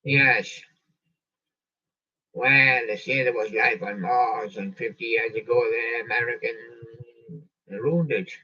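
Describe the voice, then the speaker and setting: A man drawls through lists of songs at an unhurried pace, tacking a pun onto each title. His voice is bright and slightly husky. It comes through dull and lo-fi, from a little way off the mic. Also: medium pitch, steady tone, far from the mic. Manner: slow, punning, quips after each song title. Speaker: show host reading out song lists. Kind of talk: rambling live-stream chat with jokey asides.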